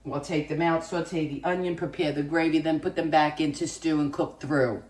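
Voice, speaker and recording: A woman's voice: sits low, fairly even intonation, normal speed, a little mellow, far from the mic. A woman hosting a home cooking vlog, talking casually and rambling through asides as she works in her kitchen. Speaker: cooking channel host. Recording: echoey kitchen, voice away from the mic.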